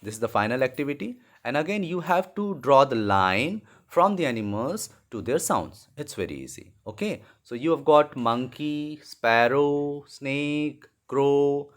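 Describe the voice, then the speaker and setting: Slow, lively teacher. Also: male voice, mid-range voice. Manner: patient, repeats words, animated sound-making. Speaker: English teacher. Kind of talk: slow lesson for young children.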